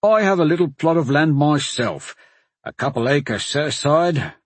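A man's voice: a little high, animated, moderate pace, slightly rough, no echo, voice pushed up. A man voicing a blunt, skeptical male soldier in a fantasy audiobook. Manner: blunt, grumbling then encouraging.

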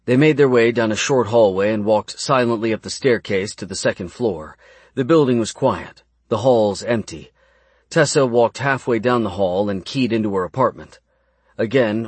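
Guy narrating an audiobook, low husky voice, steady even read, dry close sound. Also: dry recording.

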